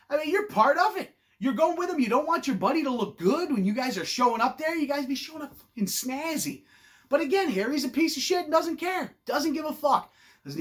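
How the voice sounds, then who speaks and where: A man's voice: extremely high pitch, fairly bright tone. A man delivering a profane comedic rant with mock outrage. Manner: ranting, swearing, mock indignation. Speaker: comedic ranter.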